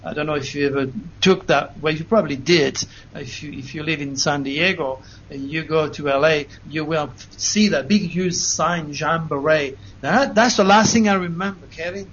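A man giving an earnest, animated first-person account to an interviewer, with frequent restarts. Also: a little high, moderate pace, slight background noise. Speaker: interview guest. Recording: dull lo-fi recording.

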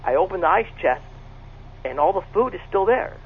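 Gravelly man on a tinny phone line. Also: high-pitched, expressive, moderate pace, slight background noise. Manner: earnest, repeats himself, restarts often. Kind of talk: first-person storytelling.

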